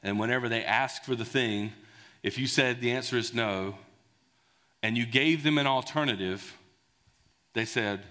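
A man preaching a sermon in a conversational, animated storytelling way. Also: mid-range voice, normal speed, long pauses. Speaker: pastor. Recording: long hall reverb.

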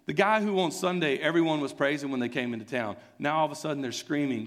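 A man's voice: a little high, quick pace. A man preaching a sermon, retelling a scene in an earnest, conversational way. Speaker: pastor. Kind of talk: sermon storytelling.

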